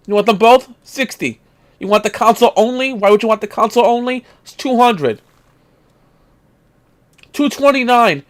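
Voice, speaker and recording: A man hosting his retro gaming vlog, ranting in exasperation, swearing casually and coughing now and then. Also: very high voice. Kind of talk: casual vlog rant and show-and-tell.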